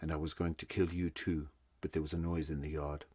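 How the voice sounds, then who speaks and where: A man's voice: a bass voice, flat delivery, a little fast, darkish tone, slightly rough, dry recording. A man reading a story, voicing a remorseful male convict who pleads for forgiveness. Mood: pleading. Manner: pleading, broken.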